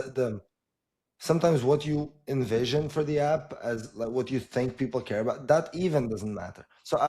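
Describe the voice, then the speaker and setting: Laid-back halting male podcast host. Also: medium pitch, a little mellow. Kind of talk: casual interview chat.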